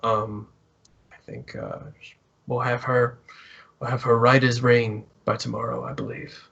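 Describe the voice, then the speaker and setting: A man voicing a small, thin, balding male doctor who speaks calmly and politely, with a measured bedside manner. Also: mid-range voice, gravelly, slightly rough, muffled recording, heavily acted.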